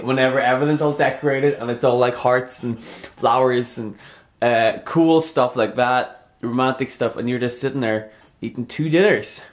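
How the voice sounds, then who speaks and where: A man talking through a loose comedy vlog, deadpan and sarcastic, his sentences wandering off into mumbles and restarts. His voice sits at a middling pitch, neither deep nor high. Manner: rambling, sarcastic, trails off into mumbles. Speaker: comedy vlogger. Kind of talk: rambling deadpan comedy monologue.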